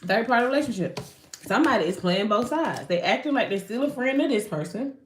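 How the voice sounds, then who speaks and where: A woman giving a live tarot reading in an animated, slangy way, swearing and often breaking off mid-sentence. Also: fairly high pitch, brisk, echoey room, a little hiss or hum. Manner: animated, slangy, swears, frequent self-interruptions. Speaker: tarot card reader.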